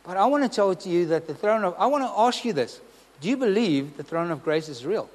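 Man with a high voice preaching earnestly, big echoey church hall, keeps asking the crowd questions. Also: lively intonation, fast, a little mellow. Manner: earnest, emphatic, asks the congregation questions. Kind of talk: sermon.

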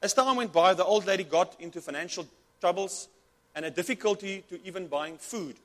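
A man's voice: high voice, a little fast, fairly bright tone. A man preaching a sermon with fervent, repetitive delivery, often restarting his words. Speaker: pastor.

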